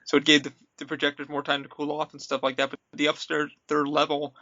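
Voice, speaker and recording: This podcast host, once an attraction worker, tells stories in a casual chat and brings them to life by acting out quotes. He's a fast talker with a slightly high voice, heard through dull audio.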